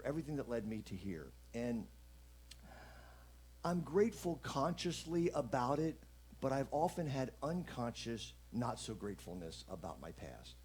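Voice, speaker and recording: A man giving an inspirational message at a church service, playful and animated, joking with the audience as he talks. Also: mid-range voice, slightly rough. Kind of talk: lively spoken message.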